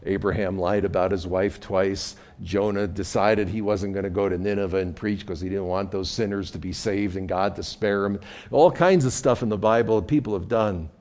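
A man's voice: low-pitched, fairly even intonation, normal speed, a little mellow. A man preaching a sermon as pastor in a conversational way, often repeating words as he restarts.

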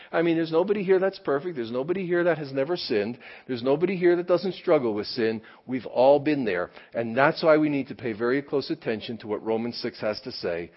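Husky, animated male pastor preaching. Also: mid-range voice, lo-fi sound. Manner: animated, conversational preaching with rhetorical questions. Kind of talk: sermon. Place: church service.

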